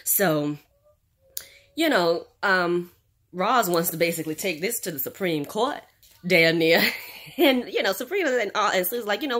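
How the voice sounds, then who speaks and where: A woman hosts her own recap vlog. She talks in a low, relaxed register and rambles casually, full of fillers and side comments. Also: a little slow. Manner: chatty, rambling with fillers and asides. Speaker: channel host reviewing a series.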